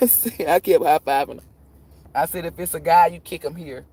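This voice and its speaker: A man's voice: on the high side, moderate pace, a little mellow, slightly rough. A man hosting a tarot livestream, chatting casually and telling profane stories. He laughs often and acts out the voices of the people he quotes.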